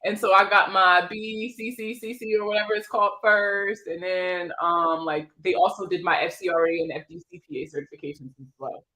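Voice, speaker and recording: Host, female, 30s, Maryland accent; bright voice, laughs easily, loose and talkative. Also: fairly low pitch, fairly even intonation, a little fast, hardly any pauses, rough recording. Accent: Prince George's County, Maryland. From Maryland, USA. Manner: laughs a lot, chatty and joking. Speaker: host of a credit advice livestream. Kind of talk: casual livestream chat.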